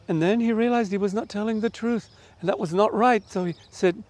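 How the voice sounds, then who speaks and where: Animated Australian man telling a kids' story. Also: sits high, brisk. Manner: lively, animated storytelling, warm direct address. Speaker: storyteller for children in church. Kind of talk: children's story in an online church service.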